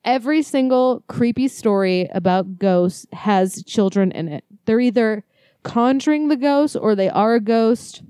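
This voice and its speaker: A woman co-hosting a podcast, chatting casually and reading listener ghost stories aloud with quick, laughing, profane asides. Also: fairly high pitch, mellow, smooth, no room sound, studio quality. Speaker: podcast co-host.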